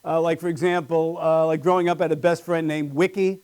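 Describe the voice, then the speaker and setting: A man's voice: fairly high pitch, level tone, a little fast, a little mellow, clean tone. A man doing a live stand-up routine with wry, self-deprecating punchlines on a small comedy stage.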